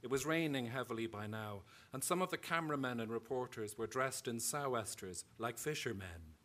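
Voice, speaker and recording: A man with an Irish accent, an author reading his own fiction aloud at a live event in a measured storytelling way. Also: medium pitch, lively intonation, fairly bright tone.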